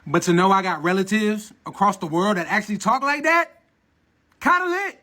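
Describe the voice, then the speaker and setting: A man's voice: high-pitched, animated, a little fast, sharp tone. A man giving a playful, joking casual video monologue full of silly questions.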